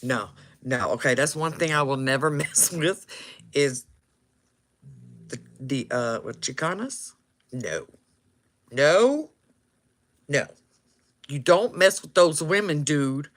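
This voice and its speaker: A man's voice: a little high, a little slow, a bit bright. A man casually telling a story, laughing often and acting out what people said.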